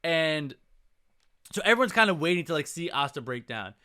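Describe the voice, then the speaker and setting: High, lively man retelling a story. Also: moderate pace, clean tone. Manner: animated storytelling with casual profanity. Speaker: podcast co-host. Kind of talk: casual podcast chat.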